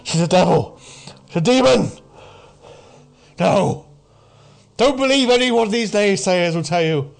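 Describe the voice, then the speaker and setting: A man voicing a haggard, dishevelled male street preacher who shouts warnings about devils, frantic and pleading. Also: high-pitched, unhurried, vocal fry, long pauses, pitched above the performer's own voice. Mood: distressed.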